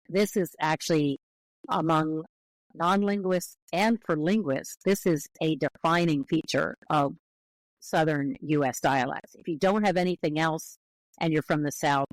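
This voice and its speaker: A woman's voice: deep voice, unhurried, no echo, low-quality recording. Woman explaining in a dry, close recording. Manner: careful, explanatory, with frequent fillers and restarts. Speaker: linguist guest. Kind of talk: explanatory interview talk.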